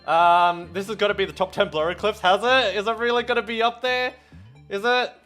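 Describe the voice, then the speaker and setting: A high-pitched man talking casually on a live gaming stream, tripping over his words and restarting them. He swears freely and laughs at himself, with faint music in the background. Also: steady tone, a little fast, a bit bright. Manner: stammering, restarts words often.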